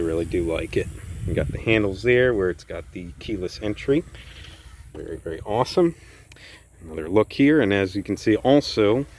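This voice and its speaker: A man giving a casual walkaround review of his own car, relaxed and enthusiastic, often doubling words. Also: low-pitched, slight background noise, rough recording. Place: outdoors beside a parked car.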